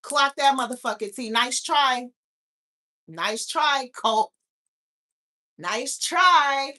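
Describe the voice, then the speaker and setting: A woman's voice: high voice, slow pace, sharp tone. A woman hosting a live stream, ranting in a profane, incredulous way and firing off rhetorical questions. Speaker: host of a live talk stream. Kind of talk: casual live-stream rant.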